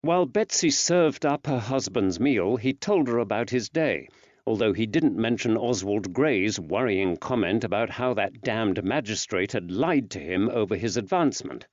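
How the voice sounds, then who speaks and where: A man reading an audiobook as the narrator, in a measured, expressive way. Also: on the low side, dry recording. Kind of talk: scripted narration. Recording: dry, slightly dull recording.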